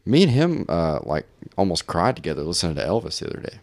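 A man's voice: low-pitched, very animated, quick pace, no room sound. A young man hosting a podcast, telling stories in loose casual chat and laughing often. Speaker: podcast host.

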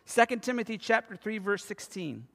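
Man, 50s, pastor, sermon, high voice, animated storytelling, long echoing hall. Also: moderate pace, creaky. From United States. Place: church sanctuary. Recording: long reverb of a church hall.

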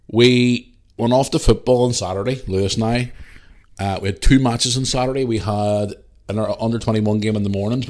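A man's voice: on the low side, a little mellow. A man with a Northern Irish accent hosting a podcast, telling stories in a blunt, opinionated way. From Northern Ireland. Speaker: podcast host. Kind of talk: casual monologue.

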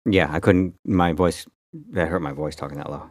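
A man's voice: low-pitched, normal speed, dry recording, studio quality. A man co-hosting a podcast, making joking asides and giving short replies. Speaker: podcast co-host. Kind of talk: casual chat.

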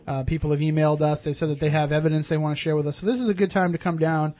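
Fast-talking New radio host. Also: male voice, on the high side, fairly even intonation, a little mellow. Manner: rambling, many fillers and restarts. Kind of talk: casual radio talk show chat.

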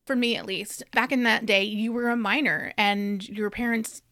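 A woman's voice: on the high side, steady tone, moderate pace, pushed and bright, dry recording, studio quality. A woman co-hosting a podcast, talking through a novel in a reflective, earnest way. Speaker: podcast co-host. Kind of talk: casual book discussion.

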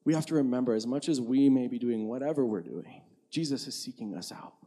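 Young male pastor with a warm, mellow voice, preaching in an easygoing, chatty way. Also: mid-range voice, brisk. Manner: conversational, frequent "like" fillers, laughs at himself. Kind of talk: casual sermon.

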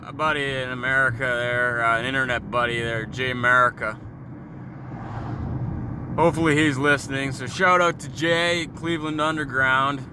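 A man's voice: mid-range voice, steady tone, normal speed. Brief: Canadian guy in his thirties, foul-mouthed, joking vlog rant recorded while driving, car noise behind. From Sault Ste. Marie, Ontario, Canada. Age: 30s. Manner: crude, mocking, joking with profanity. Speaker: vlogger. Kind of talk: profane ranting monologue. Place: in a moving car.

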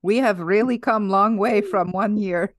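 A woman's voice: medium pitch, a little slow, no room sound, clean studio sound, close to an everyday voice. A woman putting on a mock Russian accent, speaking in clipped broken English that drops its articles. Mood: wry.

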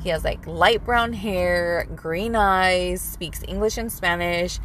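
A woman's voice: lowish voice, slow pace, slight background noise. A young woman in a casual chat, telling a story bluntly, swearing freely and saying "like" a lot. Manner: animated, blunt, swears freely, says "like" often.

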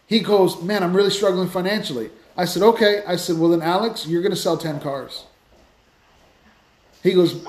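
A man hosting a Christian podcast, telling stories in a lively, casual way with many restarts. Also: sits high, reverberant. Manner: animated storytelling with many restarts. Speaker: podcast host, Christian speaker. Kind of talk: casual faith talk.

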